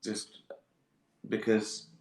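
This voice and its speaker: A man's voice: drawn-out words, a little mellow. An older man, chatting casually on a live stream, rambling, swearing and laughing often. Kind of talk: casual chat. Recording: echoey room.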